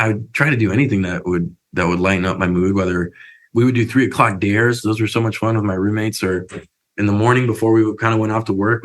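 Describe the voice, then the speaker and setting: A young man telling stories as a podcast guest, upbeat and animated, acting out little quotes. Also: fairly low pitch, rough recording. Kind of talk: casual interview storytelling.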